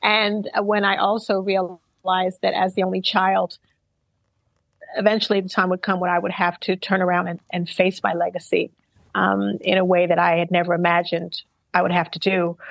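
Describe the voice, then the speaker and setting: A middle-aged woman being interviewed, talking in a thoughtful, earnest and measured way. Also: lowish voice, completely flat delivery, creaky, no room sound, poor audio. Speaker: interviewed singer. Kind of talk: reflective interview talk.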